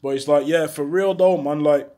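A young man telling a street story in an animated, slang-heavy way, acting out other people's lines. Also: on the high side, moderate pace. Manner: animated, slangy, acts out voices loudly. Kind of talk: casual storytelling to camera.

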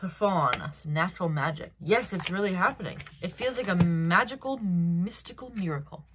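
Animated woman reading tarot cards. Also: on the low side, normal speed, a little hiss or hum. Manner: animated, acts out quoted reactions, hesitant restarts. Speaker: tarot reader. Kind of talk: solo tarot card reading.

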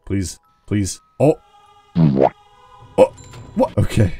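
A young man giving casual gameplay commentary as a gaming video host, excitable and swearing, yelling when he panics. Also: sits low, extremely slow, breathy edge, soft background music. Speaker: gaming YouTuber.

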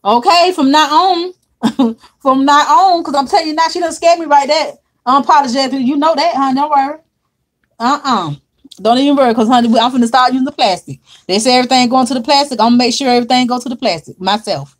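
A woman hosts a casual livestream. Her voice sits a little high, and she talks in an animated, dramatic way, laughing often and calling her viewers honey and child. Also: fast. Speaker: livestream host reading viewer comments.

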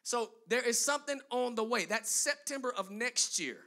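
A high-pitched man delivering a sermon in a bright, cutting tone. He builds emphatic runs of phrases, then turns to chatty asides aimed at his listeners. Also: animated, moderate pace. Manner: emphatic preaching with rising, driving lists; conversational asides to the congregation. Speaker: pastor.

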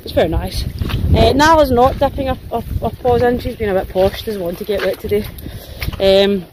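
This is a casual outdoor vlog: a woman walks her dogs on a windy open hillside, filming on her phone and chatting with lots of laughter and self-mockery. Her voice is medium-pitched at a moderate pace, with a noisy background.

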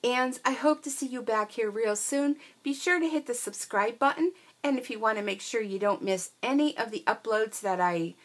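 A woman's voice: on the high side, moderate pace, hardly any pauses. A woman craft vlogger chatting casually and gushing with delight as she shows handmade cards, with frequent ums. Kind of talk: casual show-and-tell.

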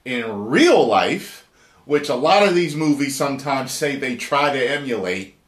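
A man giving excited, profane, rambling video commentary and reading an article aloud. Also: mid-range voice, measured pace. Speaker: YouTube commentator. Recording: roomy echo.

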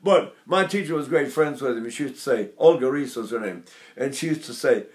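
An older man teaching singing, talking in an animated, digressive way and breaking into sung vocal demonstrations. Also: mid-range voice, fairly quick. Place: Seattle area.

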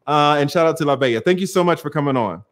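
A man hosting a live-stream panel in casual chat, animated and chatty with frequent filler sounds. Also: fairly high pitch, fast talker.

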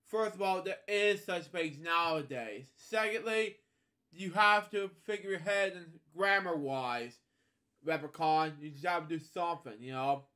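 A man reading a children's storybook aloud in a casual way. His voice is a little high, and he stumbles, repeats words, and keeps breaking off for offhand comments. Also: unhurried, sharp tone. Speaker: storybook reader and host. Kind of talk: casual read-aloud with chatty asides.

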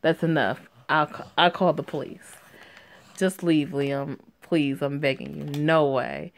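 A woman reading a story game aloud and reacting to it in a sassy, profane way that is quick to laugh. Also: low-pitched, steady tone, creaky.

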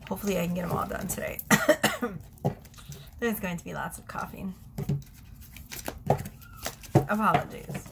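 Speaking low and a little slowly with vocal fry, this young tarot reader chats at home, giggling a lot and interrupting herself. She leaves long pauses, and the recording is very noisy.

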